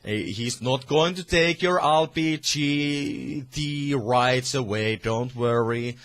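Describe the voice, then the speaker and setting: Speaking slowly in a fairly bright, mid-range voice, a Finnish vlogger with a Finnish accent rants angrily and profanely about politics to the camera, starting over again and again.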